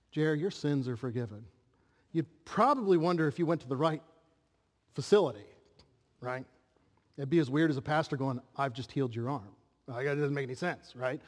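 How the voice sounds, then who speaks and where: A male pastor delivers an earnest sermon, often turning to his listeners with rhetorical questions. His voice sits a little high for a man. The recording carries a long reverb from the hall. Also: darkish tone.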